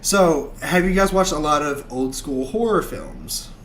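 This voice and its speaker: A man's voice: a little high, a little slow, a bit bright, slight background noise. A man chatting on an online call, rambling and swearing freely as he explains things. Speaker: player on a show. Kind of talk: casual banter on an online call. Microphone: online call mic.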